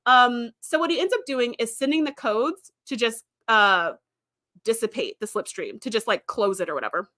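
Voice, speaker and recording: A woman's voice: fairly high pitch, normal speed, pushed and bright. A woman host recapping episodes in a chatty way, with fillers and quoted lines acted out. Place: streaming setup.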